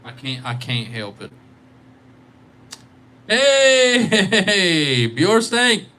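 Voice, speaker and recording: A man's voice: high-pitched, big pitch swings, drawn-out words, bright, forceful tone. A tired man rambling and joking with his viewers as he hosts a casual live guitar stream on a microphone. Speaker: livestreaming guitarist.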